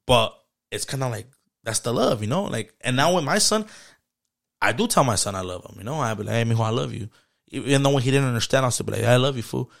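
A man's voice: medium pitch, expressive, fast, creaky, a bit bright. A man in his thirties chatting casually on a podcast, loose and slangy, dropping Spanish words into his talk. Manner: laid-back slang-heavy talk mixing in Spanish. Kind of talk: casual chat.

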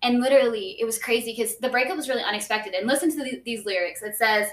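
Young woman, casual testimony, earnest and chatty, bright voice, echoey room, a little off-mic. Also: fairly high pitch, quick pace, recorded from a distance. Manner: earnest storytelling, many "like"s and restarts.

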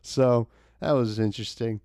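A man's voice: medium pitch, normal speed, dark tone, no room sound, studio quality. Laid-back young man telling a story. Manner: laid-back, rambling, laughs often, many fillers. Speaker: guest telling a work story. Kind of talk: casual storytelling chat.

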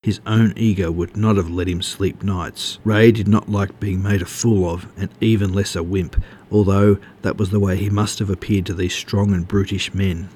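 Male narrator, low voice, steady measured read. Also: slight background noise. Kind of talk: audiobook narration.

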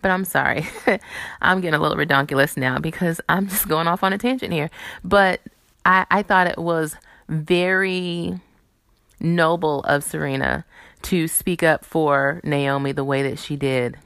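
A woman host with a lowish voice talks in a chatty, animated way. She slips into quoted voices as she tells a story. The sound is dry and close. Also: measured pace, creaky, dry recording. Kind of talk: casual chat and movie previews.

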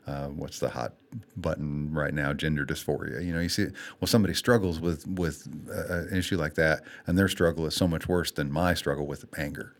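A man's voice: very deep voice, steady tone, a little fast. A man co-hosting a faith-based podcast, talking earnestly and candidly, laughing at himself and getting emotional. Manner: earnest, candid and self-deprecating, laughs often; emotional, tears up on heartfelt points. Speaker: podcast co-host. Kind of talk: casual faith-based chat.

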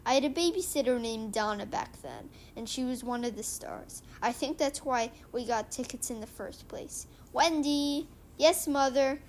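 A woman reading a comic book aloud and retelling its story in a halting way, with many restarts. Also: fairly high pitch, a little mellow, a little hiss or hum. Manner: halting, with frequent restarts and fillers.

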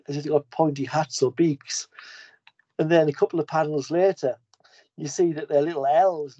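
Mellow man recapping a comic casually. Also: fairly high pitch, no echo. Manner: enthusiastic, rambling, with frequent restarts. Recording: dull lo-fi podcast audio.

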